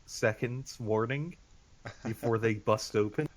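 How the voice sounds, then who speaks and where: A man at a tabletop session, taking the lead with earnest, commanding plans. His pitch sits in a plain middle range. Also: slow pace. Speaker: player. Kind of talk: in-character tabletop planning.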